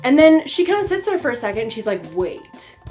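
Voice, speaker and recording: A woman reviewing a book in casual chat, telling the story in an animated, amused way. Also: sits high, racing, soft background music.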